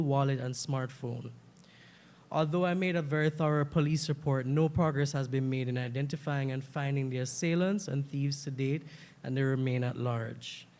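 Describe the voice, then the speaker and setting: A young man from Jamaica gives a formal prepared speech from a podium. His pitch sits in the middle and his delivery is measured and steady. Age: young adult. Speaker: diplomat giving a speech.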